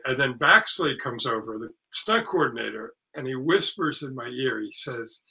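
An older man, an actor and author, casually telling animated stories in an interview, acting out quotes and swearing freely. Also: mid-range voice, normal speed, gravelly, hardly any pauses, rough recording.

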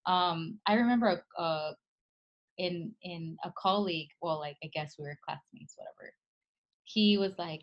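A young woman from California tells her stories in an animated, slangy way, full of "like" and "dude". Her voice sits a little low for a woman. She speaks as a guest in a relaxed chat. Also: moderate pace, lo-fi sound. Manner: animated storyteller, uses "like" and "dude" a lot. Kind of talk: casual conversation.

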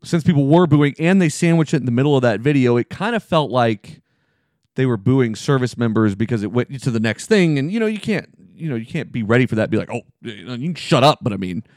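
A man's voice: medium pitch, lively intonation, fast talker, darkish tone, no echo. A man co-hosting a podcast, chiming in with short dry quips during casual chat. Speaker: podcast co-host.

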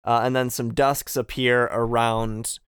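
A man's voice: mid-range voice, little pitch movement, measured pace, fairly bright tone, smooth, dry recording, studio quality. A man co-hosting a casual podcast, recapping a video game from his notes, joking and laughing often. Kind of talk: casual chat. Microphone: close podcast mic.

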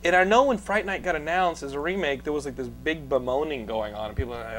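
A male podcast host with a slightly raised pitch, chatting loosely with guests. He tells jokey stories and laughs often as he goes. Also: fast talker, few pauses, a bit bright, soft background music, low-quality recording. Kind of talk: casual podcast banter.

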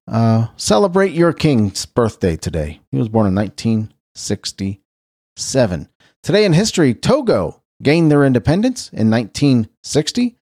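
A man's voice: mid-range voice, dark tone, slightly rough, no room sound, clean studio sound. A middle-aged man hosting a radio show, chatting casually through a rundown of birthdays and history, rambling and correcting himself as he goes. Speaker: radio host.

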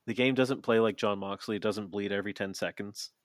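Talking brisk and steady in a voice on the low side, this man co-hosts a podcast, chatting casually, cursing freely and rambling full of fillers. There's no echo.

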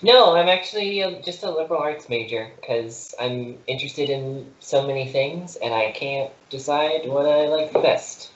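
A young adult student co-hosting a radio talk show, talking in a hesitant, rambling way from a small nook at home. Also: male voice, fairly high pitch, moderate pace, hardly any pauses, slight background noise. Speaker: co-host, student. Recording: echoey room, muffled lo-fi audio.

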